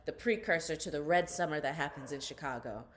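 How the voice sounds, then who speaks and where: Guesting in an interview, this young actress talks with passion and emphasis in a low-sitting voice at a brisk pace.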